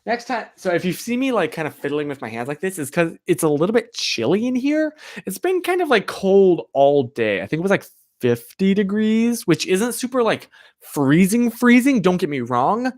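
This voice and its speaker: Chatty male streamer with lively pitch. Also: moderate pace. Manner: chatty, rambling, lots of "like" fillers; answers viewer chat directly. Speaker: live streamer. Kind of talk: casual live-stream chat. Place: chilly room indoors. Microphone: streaming microphone.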